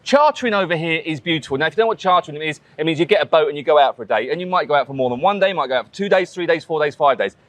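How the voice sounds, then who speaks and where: A man's voice: on the high side, expressive, very fast, few pauses, fairly bright tone, no echo. A man co-hosting a casual local news show, rambling and self-deprecating. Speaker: co-host.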